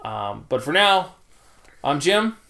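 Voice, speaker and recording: A man from Canada co-hosts a podcast in an easy, rambling chat. His voice sits a little high and swings widely in pitch as he tells stories. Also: slow, creaky. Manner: rambling, animated storyteller. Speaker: podcast host. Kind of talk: casual chat.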